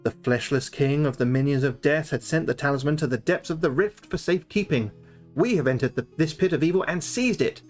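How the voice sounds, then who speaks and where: A man's voice: a little high, brisk, faint music behind, close to an everyday voice. A man voicing a solemn, grave priest who tells an old legend in a gamebook.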